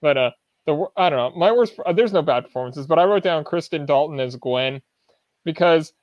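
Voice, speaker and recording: A man's voice: on the high side, brisk, darkish tone, dry recording, lo-fi sound. A man chatting casually on a movie podcast, leaning on "like" and loose phrasing. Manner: loose and casual, lots of fillers like "like". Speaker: podcast co-host.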